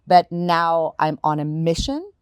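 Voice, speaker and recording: Brief: woman host, lowish voice, dry close mic, casual chatty interviewer. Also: expressive, clear, resonant tone, no echo. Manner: chatty, with frequent quick agreements.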